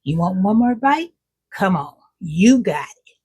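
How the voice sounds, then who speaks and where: A woman's voice: mid-range voice, expressive, a little slow, darkish tone, breathy edge. A middle-aged woman hosting her own cooking vlog, chatting with viewers while she tastes her food. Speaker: cooking vlogger. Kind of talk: casual cooking vlog chat.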